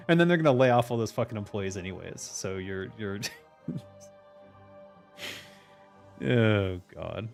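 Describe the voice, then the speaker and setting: Low-voiced game dev guy hosting a stream, swears a lot, faint music behind. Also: expressive, takes it slowly, gravelly, long pauses, darkish tone. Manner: profane, emphatic ranting. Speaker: host, game designer. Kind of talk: casual chat on stream.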